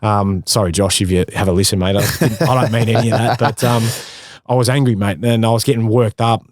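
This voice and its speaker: A man in his thirties with an Australian accent, a former footballer telling stories in a casual interview, matey and quick to laugh. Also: fairly low pitch, fairly even intonation, dry recording. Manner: matey, laughing, acts out quotes.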